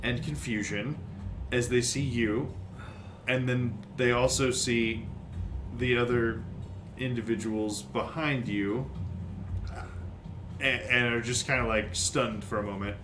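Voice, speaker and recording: A man's voice: mid-range voice, steady tone, slow pace, pauses often, background noise. A man narrating as game master, laughing often and restarting his sentences.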